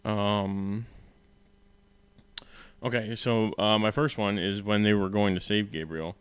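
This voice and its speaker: Low-voiced laid-back podcast co-host man. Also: slow, clean tone, dry recording. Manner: relaxed, many fillers like um and like. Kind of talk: casual movie review chat.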